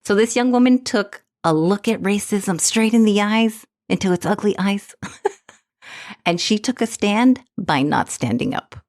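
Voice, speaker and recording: Co-hosting a casual podcast conversation, this woman speaks at medium pitch and is lively, laughing readily.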